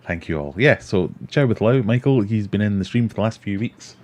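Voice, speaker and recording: In this casual live-stream chat, the host is a middle-aged man from Scotland who rambles on and reads out what viewers comment. His voice is lowish, a little mellow, and fairly quick.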